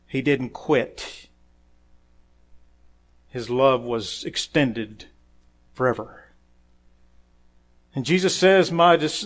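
A man preaching a sermon as pastor, quoting scripture, saying "amen" often, rising to loud emphatic phrases and dropping quiet for asides. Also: takes it slowly, pauses often. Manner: emphatic preaching that swells louder on key phrases and drops low and quiet for asides; quotes scripture with frequent "amen".

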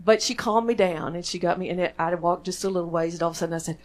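A woman's voice: fairly low pitch, racing. A woman with a Texan accent preaching a sermon in church, in a conversational, folksy way that draws the congregation in with questions. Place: church sanctuary.

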